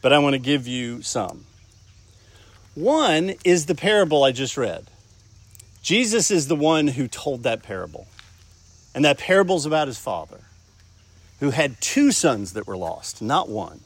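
A man's voice: medium pitch, sing-song, unhurried, long pauses, slightly rough, dry recording. A man preaching a sermon, talking conversationally and often asking the congregation questions. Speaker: pastor.

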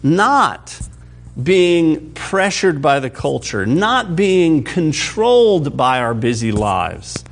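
A man preaching a sermon to his congregation in a conversational teaching style, often checking that listeners follow and pushing louder or dropping soft for emphasis. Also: a little high, big pitch swings, slow, soft background music. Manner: varies pace and loudness for emphasis. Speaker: pastor.

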